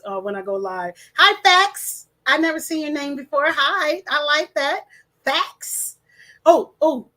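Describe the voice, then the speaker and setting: A livestream host chats casually from home, saying hello to viewers and stumbling on names as she reads comments out loud. She speaks in a high-pitched, sharp-toned voice.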